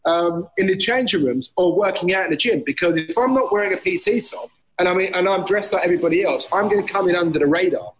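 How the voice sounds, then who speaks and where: A man's voice: high-pitched, fast talker, few pauses, rough recording. A man, a personal trainer and gym owner, chatting on a podcast and acting out gym banter as he tells stories. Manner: animated storyteller, acts out gym banter. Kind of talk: casual podcast chat. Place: outdoors on a street. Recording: faint street noise behind.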